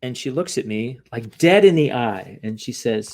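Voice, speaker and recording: A man guest on a podcast, telling a story in casual chat, lively, often acting out quoted voices and asking "right?". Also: mid-range voice, normal speed. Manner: animated, acts out quoted voices, frequent "right?".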